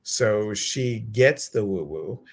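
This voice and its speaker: A man with a Chicago accent hosts a relaxed conversation at an unhurried pace, his voice sitting a little low. He keeps the talk easygoing and chatty. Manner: relaxed, chatty, reads out viewer comments. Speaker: host. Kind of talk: casual live-stream chat.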